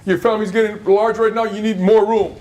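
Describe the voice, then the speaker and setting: A stern but tender grandmother, voiced by a man telling a story hands down a lesson in a slow, deliberate voice. The tone sits light and high, and she repeats her key words for weight. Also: flat delivery, darkish tone, close to an everyday voice. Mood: earnest. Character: older Hawaiian grandmother, firm and loving.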